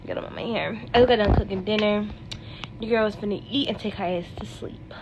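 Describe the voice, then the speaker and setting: A woman's voice: mid-range voice, brisk, background noise. A young woman vlogging casually to camera, frank and exasperated, cursing freely. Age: young adult. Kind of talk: casual vlog talk to camera.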